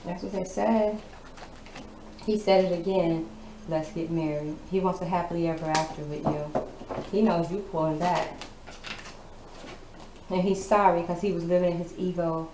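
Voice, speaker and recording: A woman's voice: on the low side, steady tone, normal speed, pauses often. A woman giving a casual tarot reading. She talks bluntly, with a sassy tone and plenty of swearing. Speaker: tarot reader. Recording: echoey room with background noise.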